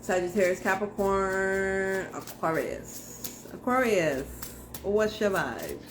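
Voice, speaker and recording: A woman's voice: medium pitch, big pitch swings, takes it slowly, slight background noise. Blunt, slangy woman tarot reader. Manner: blunt, slangy and profane, talking straight to viewers. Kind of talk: casual tarot reading to camera.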